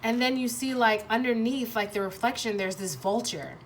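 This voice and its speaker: A woman giving a pick-a-card tarot reading to viewers, thinking aloud in a halting way, restarting sentences as she searches for words and swearing freely. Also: on the high side, a little hiss or hum. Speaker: tarot reader.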